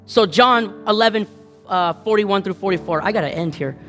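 A man's voice: high voice, moderate pace, a bit bright, in a large hall, faint music behind. A man preaching a sermon with passion and lots of repetition, acting out the voices he quotes. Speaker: pastor.

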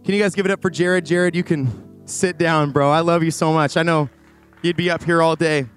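A man preaching as a youth pastor to a congregation, energetic and animated with rambling asides. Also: a little high, moderate pace, clear, resonant tone, soft background music. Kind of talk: sermon. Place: church stage before a congregation.

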